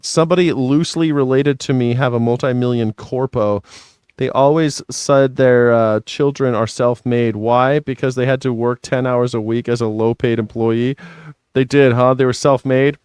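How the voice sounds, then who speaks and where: A man's voice: mid-range voice, steady tone, moderate pace, darkish tone, clear, resonant tone, no room sound, clean studio sound. A man hosting a casual news commentary show, rambling and profane, who laughs at his own jokes. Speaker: host.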